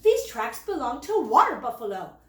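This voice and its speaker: A woman voicing a clever young male lion cub in a storybook, talking quickly and matter-of-factly. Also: high voice, big pitch swings, distant mic. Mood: knowing. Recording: roomy, away from the mic.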